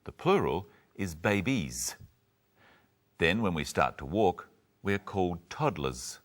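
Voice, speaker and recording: A man co-teaching English, with expressive intonation and playful example dialogues. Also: low voice, takes it slowly. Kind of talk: lively teaching with playful role-play.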